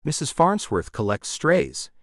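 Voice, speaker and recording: A man's voice: on the high side, wildly swooping pitch, a little slow, dry recording, studio quality, pitched above the performer's own voice. A man playing a curt grumpy baker. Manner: curt, gruff. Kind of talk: audiobook character voice.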